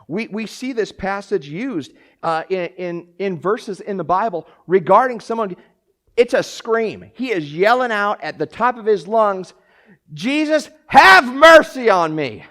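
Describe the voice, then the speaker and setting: A man preaching a sermon as pastor, acting out quoted cries and swinging from hushed asides to shouting, with frequent repeats and restarts. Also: high-pitched.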